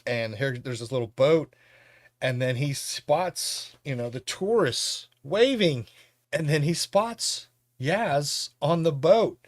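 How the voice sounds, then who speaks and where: A man hosting a podcast, recapping a film's plot in a casual, animated way and laughing now and then. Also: a little high, slow pace, no echo. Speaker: podcast host reviewing a film.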